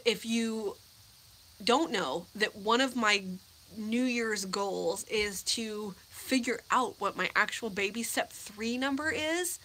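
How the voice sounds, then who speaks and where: A woman's voice: mid-range voice, pushed and bright, a little hiss or hum. A woman in her thirties from the United States, chatting in a rambling, teary way on a live stream Q&A. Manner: rambling and emotional, with many restarts and fillers. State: teary, on the edge of crying. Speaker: vlogger hosting a live Q&A. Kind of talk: casual live-stream chat.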